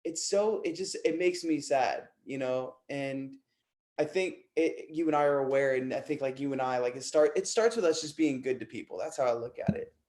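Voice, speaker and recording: A young man with an everyday middle-pitched voice hosts a loose radio conversation. He sounds earnest and leans on "like" and "bro". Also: normal speed, darkish tone. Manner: earnest, says "like" and "bro" a lot. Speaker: radio show host. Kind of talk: casual chat.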